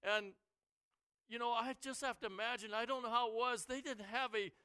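Male preacher, very high bright voice, smooth and crisp, dramatic sermon delivery, dry headset sound. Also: fairly even intonation, normal speed, no echo. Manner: dramatic, swings from quiet to shouting. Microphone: headset mic.

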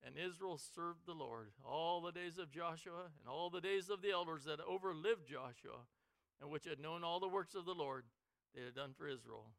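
A man preaching a sermon in a church on a headset mic, dramatic, swinging from quiet lows to shouted highs. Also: normal speed, creaky, no echo.

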